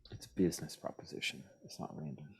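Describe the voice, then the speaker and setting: A man voicing a calm, indirect woman cat burglar who needles her underling. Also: medium pitch, normal speed, a little hiss or hum, pitched above the performer's own voice, close to an everyday voice. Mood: sly, needling.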